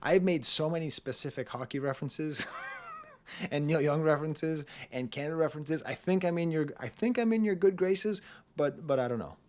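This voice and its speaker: A man's voice: a little high, moderate pace. A man hosting his own record review channel, talking casually through an album with rambling, digressive asides and frequent laughter. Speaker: music reviewer, channel host.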